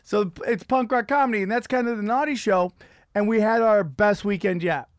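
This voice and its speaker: A middle-aged man hosting a comedy podcast, ranting in a profane, rambling way with loud outbursts. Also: high voice, fairly quick, dry recording, studio quality. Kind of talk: casual comedic rant.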